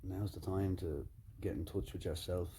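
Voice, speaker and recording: A man's voice: deep voice, steady tone, normal speed, dark tone, slight background noise. A man giving a fireside monologue with emphatic, repetitive phrasing and occasional swearing. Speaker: commentator.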